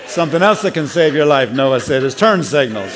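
A man's voice: fairly high pitch, expressive, brisk, some chatter behind. A man speaking casually in a church talk, chuckling and reflective.

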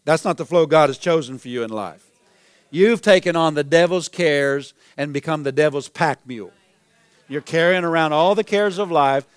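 A man's voice: a little high, moderate pace, smooth. A man preaching a sermon as pastor, building to emphatic exclamations.

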